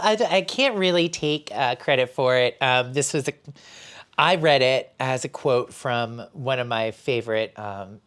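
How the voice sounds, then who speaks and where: Woman guest with an unusually deep voice, loose conversational storyteller. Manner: rambling, heavy use of "you know" and "like"; acts out quoted voices while telling stories. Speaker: podcast guest, spirits brand co-owner. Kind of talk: casual interview chat.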